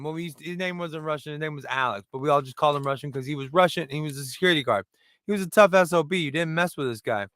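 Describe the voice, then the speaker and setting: A middle-aged man rambles through a casual stand-up monologue, poking fun at himself. His voice sits high and bright, smooth and crisp. The sound is dry and close, with no room around it. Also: no echo. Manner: rambling, self-deprecating, restarts a lot. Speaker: stand-up comedian and host. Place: room in front of a brick wall.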